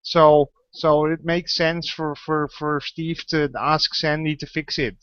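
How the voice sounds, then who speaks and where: A man's voice: on the high side, level tone, takes it slowly, smooth, no room sound, dull audio. A man playing a tabletop game, talking hesitantly with many stammers. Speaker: player. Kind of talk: casual game play talk.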